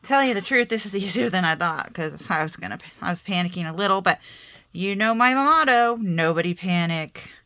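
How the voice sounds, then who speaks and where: A woman's voice: mid-range voice, expressive, normal speed, sharp tone. A chatty woman with a slight Southern American accent, hosting a casual crafting tutorial and talking to herself as she works. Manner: chatty, self-deprecating, talks to herself while working. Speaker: crafting video host.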